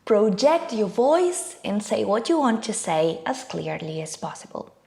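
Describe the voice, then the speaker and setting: Lively, emphatic woman English teacher. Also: medium pitch, a little slow. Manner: clear, emphatic teaching delivery. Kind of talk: scripted online lesson.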